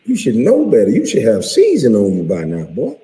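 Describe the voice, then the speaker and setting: A man in his forties, a retired pro athlete, ranting to camera in a profane, heated, animated way. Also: medium pitch, brisk, a little hiss or hum. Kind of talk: casual rant to camera. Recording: echoey room with long reverb.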